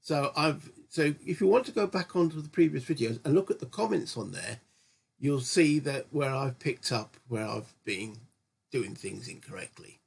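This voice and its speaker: A man's voice: medium pitch, animated, moderate pace, vocal fry, breathy edge. A man hosting his own gaming channel, chatting through a solo board game session in a rambling way and often correcting himself. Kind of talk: casual solo board game let's-play commentary.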